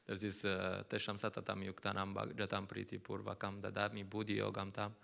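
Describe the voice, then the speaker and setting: A man's voice: on the low side, completely flat delivery, brisk, gravelly, a bit bright. A man with Slovenian as his first language giving a conversational scripture class in English, often laughing and acting out little quotes. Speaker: lecturer at a temple.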